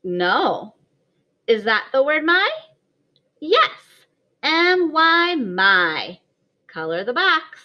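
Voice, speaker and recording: Sing-song kindergarten teacher woman, lively pitch. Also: slow pace. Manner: sing-song, encouraging teacher voice for small children. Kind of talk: kindergarten writing lesson. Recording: slightly dull lo-fi audio.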